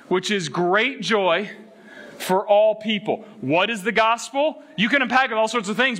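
A middle-aged man preaching a sermon, animated and playful, acting out quotes and jokes between readings. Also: high voice. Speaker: pastor.

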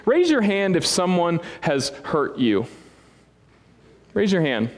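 A man preaching as a pastor, telling a self-deprecating story with big swings in pitch. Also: sing-song, slow. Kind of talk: sermon. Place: church hall with a congregation. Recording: long reverb of a church hall.

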